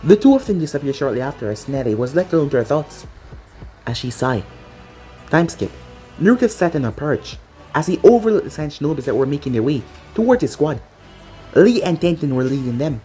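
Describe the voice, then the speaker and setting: Dramatic narrator over soft music. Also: mid-range voice, big pitch swings, fairly quick. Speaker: fan fiction narrator. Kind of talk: scripted story narration. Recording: faint music behind.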